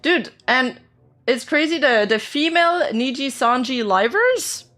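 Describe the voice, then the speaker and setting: A woman's voice: high-pitched, big pitch swings, unhurried, a bit bright, soft background music. A woman streamer chatting casually as she reacts to news, laughing often and speaking bluntly. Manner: laughs often, counts under her breath, blunt and sweary. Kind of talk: casual live-stream chat.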